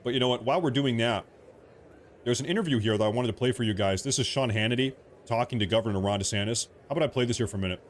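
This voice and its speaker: A man's voice: medium pitch, very fast, slight background noise. A man hosting a political livestream from home, talking casually, joking and repeating himself as he rambles. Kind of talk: casual live commentary.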